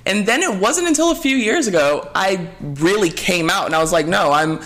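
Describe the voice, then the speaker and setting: Young man raised in Jamaica, bright and a bit high-pitched, open and animated in casual podcast chat. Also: brisk. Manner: candid, animated storytelling with quoted asides.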